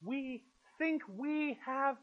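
A man's voice: extremely high pitch, drawn-out words. A male pastor giving a sermon, emphatic and questioning his congregation. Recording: muffled lo-fi recording.

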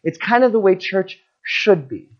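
A guest preacher giving an informal sermon as a personal story, animated and acting out the people in it. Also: medium pitch, measured pace. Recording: dull lo-fi recording.

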